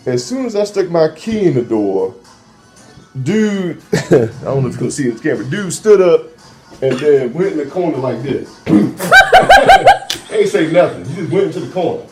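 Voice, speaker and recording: Animated middle-aged man telling stories. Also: fairly high pitch, normal speed, loud music behind the voice. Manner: animated, acts out voices in his stories. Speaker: interview guest, former transit police officer. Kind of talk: casual storytelling.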